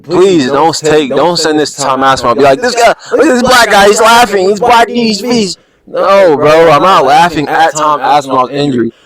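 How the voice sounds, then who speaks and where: A man hosting a reaction video with casual, animated, slang-heavy commentary that keeps breaking into laughter. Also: fairly high pitch, poor audio.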